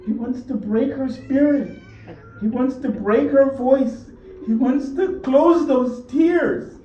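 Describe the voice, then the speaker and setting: A woman's voice: sits high, slow pace, dark tone, highs cut off. A woman reciting an emotional religious eulogy with tearful, repetitive storytelling, heard from a distant mic in a mosque hall. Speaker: majlis reciter.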